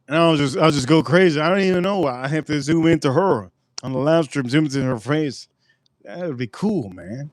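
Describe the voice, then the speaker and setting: A man's voice: a little high, fairly quick, dry recording, clean studio sound. A man hosting a casual livestream, rambling and joking with plenty of swearing. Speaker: livestream host.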